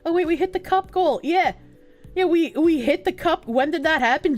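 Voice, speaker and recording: A young woman streamer with a stuffy nose, chatting casually and softly with her chat, giggling and swearing freely. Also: extremely high pitch, expressive, normal speed, faint music behind. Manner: soft-spoken, not loud, giggly, swears casually. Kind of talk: casual live-stream chat, reading chat messages aloud.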